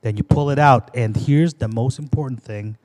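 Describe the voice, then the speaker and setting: A man's voice: mid-range voice, moderate pace, a little mellow. A man co-hosting a podcast in casual, joking chat, swearing freely while giving cooking tips. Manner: profane, joking, gives cooking advice. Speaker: podcast co-host. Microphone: audio interface.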